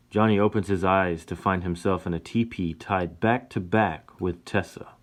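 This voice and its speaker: A man narrating a western story in a deliberate, measured reading. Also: low voice, fairly even intonation.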